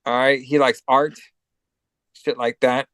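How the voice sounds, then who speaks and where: A man's voice: mid-range voice, little pitch movement, slow pace, fairly bright tone, no room sound. Man with a cold, recapping casually. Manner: loose, profane play-by-play with many fillers. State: has a cold. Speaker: podcast co-host.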